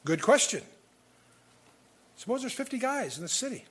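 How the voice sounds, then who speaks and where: A man's voice: extremely high pitch, sing-song, moderate pace, a bit bright, slightly rough. A man leading a verse-by-verse Bible study, reading scripture aloud and then commenting on it in an easy, conversational way with frequent chuckles. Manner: chuckles often while talking.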